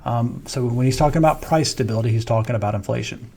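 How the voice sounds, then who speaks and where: A man's voice: mid-range voice, fast talker, creaky, a little mellow. A man, a wealth management firm founder giving a conversational video update on the economy, with frequent ums and self-corrections. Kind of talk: informal video market update.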